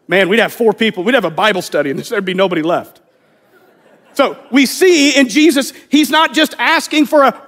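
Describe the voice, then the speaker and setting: A man's voice: very high-pitched, expressive, quick pace. A man preaching a sermon in a conversational way, acting out the voices of people he quotes. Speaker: pastor.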